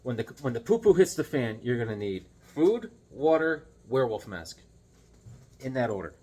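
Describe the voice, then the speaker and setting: A man's voice: medium pitch, very animated, normal speed, a little mellow, husky. A man chatting casually and enthusiastically about his comic finds, rambling and joking as he goes. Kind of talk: casual chat.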